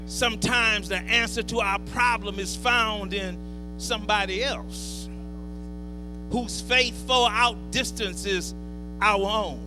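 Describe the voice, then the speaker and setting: A male pastor, preaching a call-and-response sermon that swells into shouts. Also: sits high, fairly even intonation. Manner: preaching with rising shouts and drawn-out words. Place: church. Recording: hall reverb with faint music and hum.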